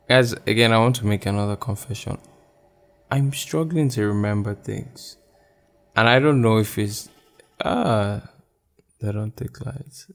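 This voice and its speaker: A young man with a low, gravelly voice, thinking out loud on his own podcast. He rambles openly and honestly, drifting from one thought to the next. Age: 20s. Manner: candid, rambling, thinking aloud. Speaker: podcast host. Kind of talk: casual solo podcast chat.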